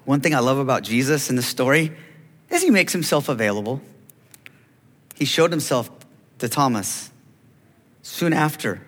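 A man's voice: a little high, moderate pace, pauses often, a bit bright. A man preaching a sermon, acting out biblical dialogue and calling to the congregation for amens. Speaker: pastor. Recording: long hall reverb.

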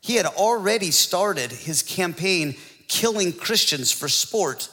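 Man, pastor, casual joking sermon, a bit higher than average, reverberant room. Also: lively intonation, slow pace, bright, forceful tone. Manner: joking, conversational preaching with frequent laughs.

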